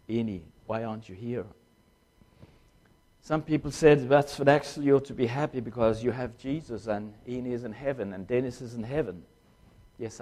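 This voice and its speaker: An older man, a former pastor and missionary, giving a personal testimony in an emotional, halting way, in short phrases. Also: lowish voice, a little mellow.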